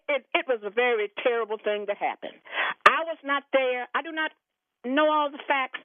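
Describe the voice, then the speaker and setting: A woman's voice: on the high side, no room sound. A woman calling in to a talk radio show, impassioned and indignant, often stammering on repeated words. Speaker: caller. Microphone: telephone. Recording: tinny phone line.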